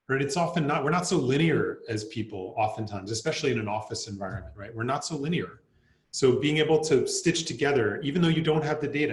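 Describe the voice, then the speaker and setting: Man presenting a workshop, mid-pitched, chatty, echoey room. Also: expressive, quick pace. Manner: conversational, acts out quoted lines, tags "right?". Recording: roomy echo.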